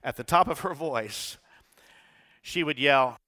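A male pastor preaching a sermon, swinging between quiet talk and shouted call-and-response. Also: medium pitch, slow pace. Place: church sanctuary. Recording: church hall reverb.

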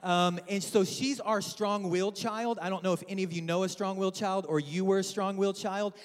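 A man in his thirties delivers a light, joking sermon to a large congregation. His voice sits high, and he acts out his family's voices as he tells stories. A long reverb from the sanctuary trails behind every phrase. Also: fairly even intonation, brisk, clear, resonant tone. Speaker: guest preacher. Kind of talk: humorous sermon. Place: large church with balcony.

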